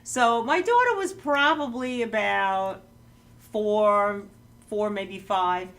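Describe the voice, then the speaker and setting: A woman's voice: medium pitch, slow pace, a bit bright, distant mic. A woman telling a rambling story on a talk show, with many restarts and some laughter. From New York. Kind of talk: casual anecdote.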